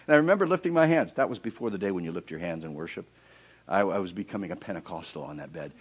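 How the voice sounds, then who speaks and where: A man preaching his personal testimony in a sermon, his voice swinging from quiet and low in narration to high, loud outbursts in the reenacted prayers. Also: fast, husky, dull audio.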